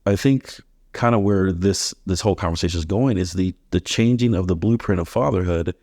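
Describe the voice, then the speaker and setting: Recorded cleanly in a studio with no echo, a thirty-something podcast host speaks fairly quickly in a low, darkish voice. He keeps the conversation casual and earnest, recounting anecdotes and often restarting sentences by repeating words.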